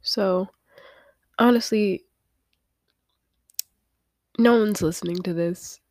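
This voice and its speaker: A young woman hosts a solo podcast and talks slowly through tears, her voice of middling pitch. She keeps restarting her sentences and slips into near-whispers. The sound is close and dry. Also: a little mellow, no echo. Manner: tearful, halting, many fillers, often drops to a whisper. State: crying. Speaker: podcast host. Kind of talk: personal confessional monologue.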